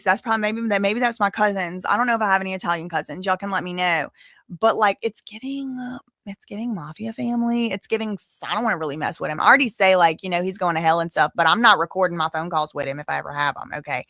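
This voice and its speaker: A woman's voice: medium pitch, fast talker, a bit bright, no room sound. Chatty woman with a dry, close sound. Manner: chatty, playful asides, trailing restarts. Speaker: commentary channel host. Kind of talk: casual commentary on legal news.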